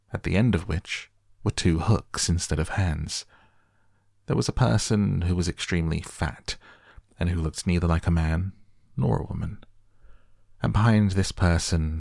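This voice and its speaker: Deep gravelly guy reading a storybook, slow wry delivery, dry close sound. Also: a little mellow, no echo. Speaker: narrator. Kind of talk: audiobook narration.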